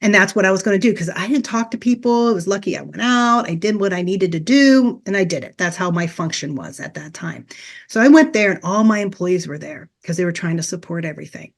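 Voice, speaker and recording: A woman's voice: on the low side, a little fast, creaky. A middle-aged woman, a Reiki teacher as guest on a podcast, earnestly telling a personal story and acting out past conversations as dialogue.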